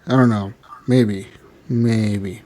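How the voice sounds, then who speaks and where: A podcast co-host with a lowish voice speaks very slowly while casually recapping a game. He laughs often, swears a lot, and acts out the characters as he animatedly tells the story.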